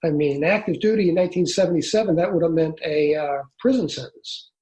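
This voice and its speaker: A man in his sixties, an author appearing as an interview guest, recounts his story earnestly and haltingly, often starting over, in a slightly raised voice. His voice is a little high and mellow, and a roomy echo surrounds him.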